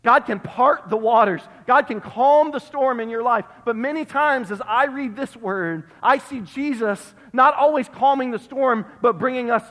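A male pastor delivering an emphatic sermon, repeating phrases and dropping to a hush on key words, recorded in a church sanctuary. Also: very high-pitched, moderate pace, few pauses. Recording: long reverb of a church hall.

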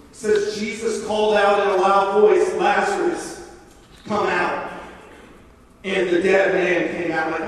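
High-voiced guy preaching at a camp, talks casual with lots of "like", booming hall echo. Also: slight background noise. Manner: earnest and conversational, with repeated fillers like "like" and "man". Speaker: camp speaker. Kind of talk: sermon to a youth camp. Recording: echoey hall, heard from far off.

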